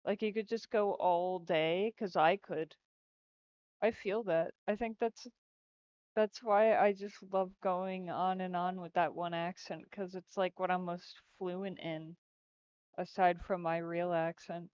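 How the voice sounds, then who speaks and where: A woman game developer rambles and giggles as she works, talking slowly in a relaxed, unhurried way. The sound is dry and close on a desk mic, a little dull and lo-fi. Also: on the low side, clean tone, no room sound. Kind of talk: casual chat while working on a livestream. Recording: dull lo-fi stream audio.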